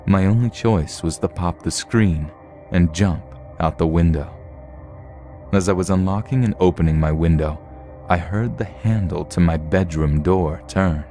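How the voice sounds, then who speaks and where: A man narrating true horror stories in a steady, measured storytelling read. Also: sits low, faint music behind.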